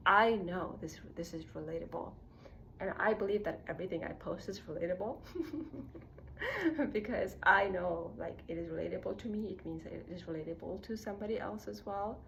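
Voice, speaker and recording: Gravelly-voiced young woman rambling casually. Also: on the low side, steady tone, a little fast, fairly bright tone, slight background noise, poor audio. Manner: rambling, heavy use of "like" fillers; laughs easily at herself. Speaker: vlogger. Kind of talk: casual personal monologue.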